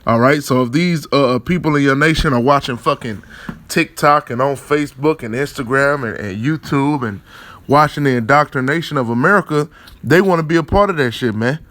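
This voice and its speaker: A man's voice: mid-range voice, a little fast, fairly bright tone, no room sound. Rambling profane man, dry sound. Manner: profane, rambling, keeps repeating tag questions and fillers; chuckles often while talking. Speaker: religious commentator. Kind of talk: rambling commentary on news articles.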